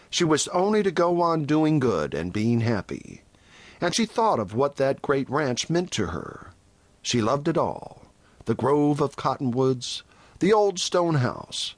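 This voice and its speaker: A male audiobook narrator reading a western novel with measured storytelling. His pitch rises and falls with animation. The studio sound is close and dry. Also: no room sound. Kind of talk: scripted narration.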